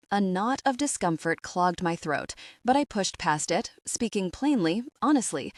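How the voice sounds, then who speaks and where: A woman narrating a first-person romance audiobook in a steady, even storytelling voice. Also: medium pitch, normal speed, few pauses, dry recording, clean studio sound.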